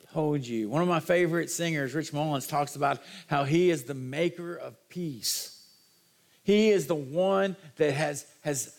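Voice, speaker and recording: A man preaching a sermon as pastor, folksy and animated, his voice rising in excited bursts. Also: high voice, creaky.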